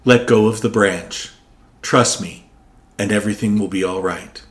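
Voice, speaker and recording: A priest telling a joke, voicing God as a calm, deep, fatherly voice from above. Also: measured pace, natural voice.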